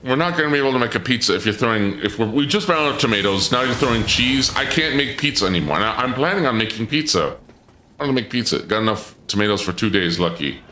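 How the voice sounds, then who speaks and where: A man live-streaming, chatting with his viewers in an excitable, stammering way, his voice often leaping up when surprised. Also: mid-range voice, fast talker, a little hiss or hum. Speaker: livestreamer. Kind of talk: live-stream chat banter. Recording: echoey room with game music behind.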